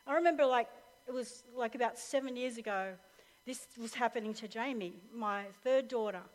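Brief: high-pitched woman pastor, lively story-driven sermon, long hall reverb. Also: moderate pace. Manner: animated storytelling, laughs often. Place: church hall with live audience. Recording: reverberant live hall recording.

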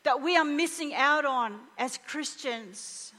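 A middle-aged woman preaching a conversational sermon, animated and humorous, sometimes dropping to a hushed voice for emphasis. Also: high voice, slow, big-room sound.

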